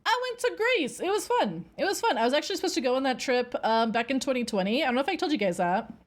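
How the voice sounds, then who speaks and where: A woman streamer races through a rambling story while chatting casually with viewers. Her fairly high voice has wide swings and shoots up into squeals whenever something excites her.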